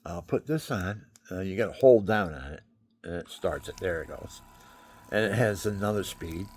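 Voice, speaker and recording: A man's voice: low voice, expressive, moderate pace, a little mellow, breathy edge. An older man with a stuffy nose, rambling chattily at home in a casual vlog and showing things as he talks. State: stuffy nose, talking through his nose.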